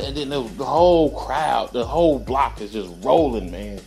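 A man's voice: medium pitch, expressive, normal speed, creaky, hardly any pauses, darkish tone, soft background music. A man, a correctional officer, telling a story from work in a casual, profane way and laughing as he goes.

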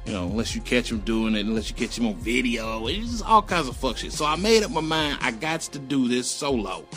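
A middle-aged man telling a personal story, profane and emphatic. His pitch sits in the middle, and faint music plays behind him. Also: sing-song, brisk, fairly bright tone. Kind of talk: casual storytelling.

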